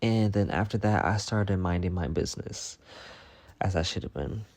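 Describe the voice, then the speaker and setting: A man with a lowish voice chats through fan questions in a loose storytime vlog. His delivery is profane and animated, and he often jumps into loud, acted-out voices mid-story. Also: moderate pace. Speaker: vlogger answering fan questions. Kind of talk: casual storytime chat.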